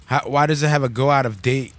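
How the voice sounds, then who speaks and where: A man hosting an uncensored radio show, joking and asking silly questions in a deadpan, profane way. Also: medium pitch, fast talker. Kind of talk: casual joking banter.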